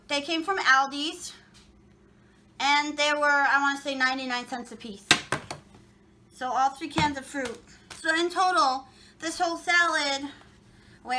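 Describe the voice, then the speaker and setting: A woman with a high voice chats in an offhand, joking way as she cooks at home. The kitchen recording is noisy, with clicks under her talk. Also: pushed and bright. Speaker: cooking vlogger. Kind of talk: casual chat while cooking.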